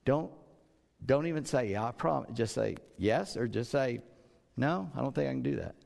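A man's voice: mid-range voice, lively intonation, normal speed, gravelly, darkish tone. A middle-aged man preaching a sermon in a conversational way, often repeating words and acting out the speech he quotes. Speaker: pastor. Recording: long hall reverb.

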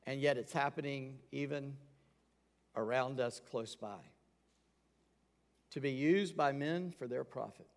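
A man's voice: medium pitch, unhurried, pauses often. A man preaching a sermon from the pulpit, candid and emphatic. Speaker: pastor. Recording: long hall reverb.

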